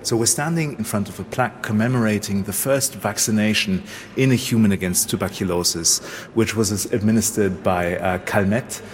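A man, a historian, explaining history in a measured academic way while standing at a historic site. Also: fairly low pitch, slight background noise.

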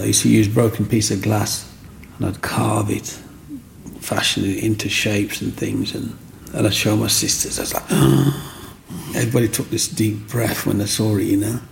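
A gravelly-voiced man from England, pitched on the low side, recounts his life story in an interview at normal speed, animatedly acting out the voices of people he met. There's slight background noise.

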